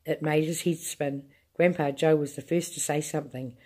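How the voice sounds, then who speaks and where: A woman reads a children's chapter book aloud to a child, unhurried and expressive. Her voice sits very low for a woman. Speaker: storyteller reading to a child.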